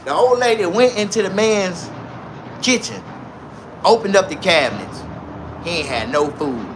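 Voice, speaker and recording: Guy telling a crude funny story, lively up and down voice, bit of background noise. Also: high-pitched, moderate pace. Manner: animated, repetitive, laughs at his own tale. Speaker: comedic storyteller.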